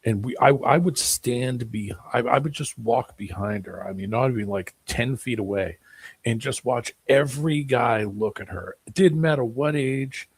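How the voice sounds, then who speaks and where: Gravelly, husky man telling a story. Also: mid-range voice, moderate pace, no echo. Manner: animated storyteller, laughs a lot, mimics voices. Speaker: panelist. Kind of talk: casual panel chat.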